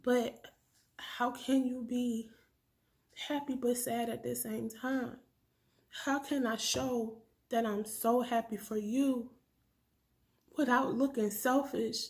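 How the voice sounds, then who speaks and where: A woman in her thirties speaking in an emotional confessional vlog, soft and halting, at times whispering and close to tears. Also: on the high side, fairly even intonation. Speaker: family vlogger.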